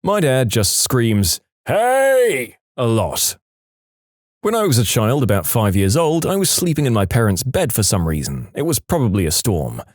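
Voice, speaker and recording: Lively man narrating odd stories. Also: mid-range voice, moderate pace, hardly any pauses, no echo, clean studio sound. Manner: expressive storytelling with playful acted quotes. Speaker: storytelling channel narrator. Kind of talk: reading submitted stories aloud.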